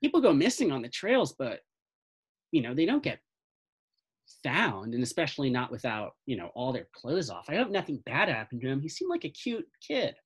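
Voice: medium pitch, wildly swooping pitch, normal speed, breathy edge. A role-player voicing a chatty woman witness who rambles with many fillers. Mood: gossipy. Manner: rambling, hesitant, trails off softly.

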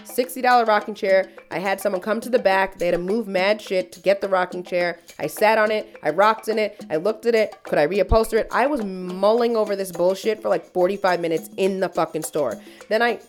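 A woman's voice: medium pitch, steady tone, brisk, hardly any pauses, faint music behind. A woman podcast host telling a story in casual chat, swearing freely and ranting. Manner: profane, heated storytelling rant.

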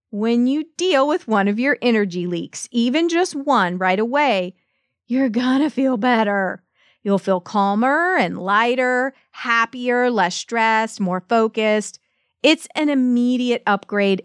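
A woman's voice: fairly high pitch, clear, resonant tone, no echo, studio quality. A middle-aged woman hosting her podcast as a business coach, talking in an emphatic, direct and motivational way. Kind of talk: solo podcast monologue.

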